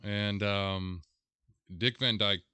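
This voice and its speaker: Male reviewer, deep and crisp, slow and halting commentary, dry sound. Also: fairly even intonation, sharp tone, no room sound. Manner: halting, searching for words. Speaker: video reviewer. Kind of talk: casual commentary.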